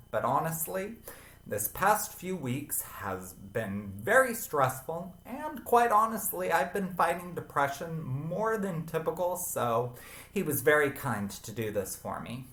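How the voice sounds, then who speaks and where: A man in his late thirties hosting a handbag review vlog, chatty and expressive with sassy, playful asides. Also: a little high, a little slow, roomy sound. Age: 30s. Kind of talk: chatty scripted vlog talk.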